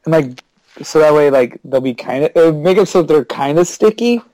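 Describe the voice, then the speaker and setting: A man's voice: a little high, expressive, fairly quick, dark tone, no echo, rough recording. A man with a slightly raised voice chats casually, giggling and playfully acting out silly scenarios. The sound is dry and close. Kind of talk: casual chat.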